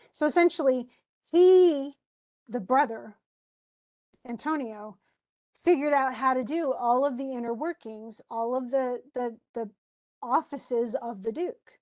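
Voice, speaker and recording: American woman, teacher, classroom lecture, animated and chatty, slightly high voice. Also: measured pace. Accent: General American. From United States. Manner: animated, chatty explaining with casual asides.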